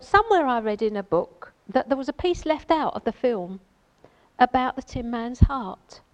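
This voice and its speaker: Brief: woman, lay preacher, informal chatty talk, medium pitch, rambling asides. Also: low-quality recording. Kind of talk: informal Bible teaching.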